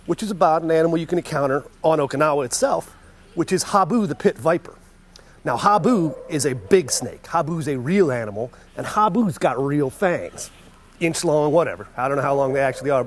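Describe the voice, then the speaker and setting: A middle-aged man telling a story in a casual, wry way, with some swearing and laughs. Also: fairly high pitch.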